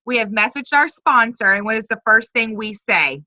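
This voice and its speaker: A woman leads a coaching session over a video call, talking in an upbeat, chatty way and acting out sample messages. Her voice is bright and sits a little high. The sound is dry and close. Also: lively intonation, moderate pace, no echo, muffled recording. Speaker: team leader. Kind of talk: coaching talk on a video conference.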